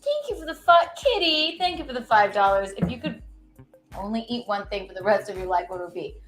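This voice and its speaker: A woman hosting a casual cooking livestream, chatting in an animated, giggly way and reading out viewer tips. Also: mid-range voice, a little fast. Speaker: cooking show host. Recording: echoey room with faint music.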